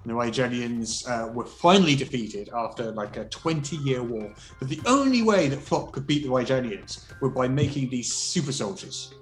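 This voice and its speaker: A man narrating as game master of a tabletop role-playing game, telling the story in a relaxed, rambling way. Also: medium pitch, normal speed, hardly any pauses. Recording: roomy echo, faint music.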